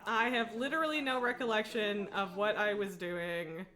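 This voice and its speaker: A woman's voice: mid-range voice, steady tone, normal speed, pushed and bright, slight background noise. Chatty woman streamer who laughs a lot. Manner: chatty, laughs often, coos baby talk to her cat. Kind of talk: casual live-stream chat while gaming. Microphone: headphones on, desk setup.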